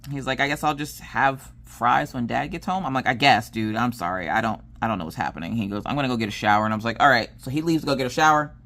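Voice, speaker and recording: A woman's voice: extremely low pitch, quick pace, few pauses. A woman in her thirties, a crafting vlogger, casually telling a family story and acting out what everyone said. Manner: animated, acts out quoted dialogue.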